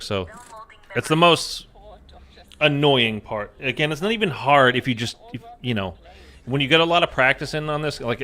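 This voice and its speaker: A man's voice: mid-range voice, bright, forceful tone. A man giving casual, rambling commentary while playing a video game, full of fillers. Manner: rambling, filler-heavy, chatty. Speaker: gaming YouTuber.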